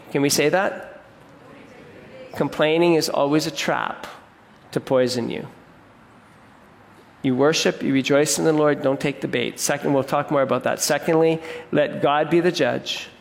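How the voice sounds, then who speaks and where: Pastor guy preaching, earnest and chatty, kinda high voice, big echoey hall. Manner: earnest, conversational, with restarts. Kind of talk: sermon.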